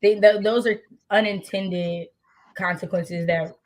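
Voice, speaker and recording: Relaxed woman in casual chat. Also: mid-range voice, takes it slowly, low-quality recording. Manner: relaxed, teasing, thinks aloud in loose phrases. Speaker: co-host of a reading livestream.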